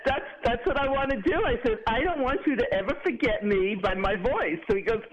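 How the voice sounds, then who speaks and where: A woman's voice: fairly high pitch, animated, a little fast, crowd noise. Chatty woman caller on a dull phone line. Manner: chatty, retells stories with laughter. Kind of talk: casual phone chat.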